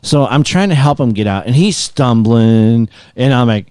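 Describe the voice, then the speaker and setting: Middle-aged male guest, casual storyteller, lowish, very expressive delivery, dry close sound. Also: normal speed, smooth, dry recording. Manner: animated rambling storyteller, laughs often. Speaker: guest musician.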